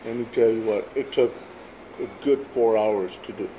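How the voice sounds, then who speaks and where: A man's voice: lowish voice, moderate pace, mellow, dull audio, a little hiss or hum. A man in his sixties telling a faith testimony in a casual, plain-spoken way, often tagging his sentences with "man" and "like". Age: 60s. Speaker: guest sharing a ministry testimony.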